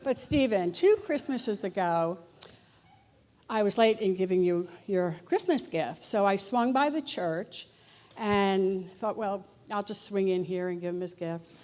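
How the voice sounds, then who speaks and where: A woman's voice: medium pitch, unhurried. Middle-aged woman telling a funny story. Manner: animated, breaks into laughter. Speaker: church member giving a farewell tribute. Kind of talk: humorous storytelling speech. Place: church gathering.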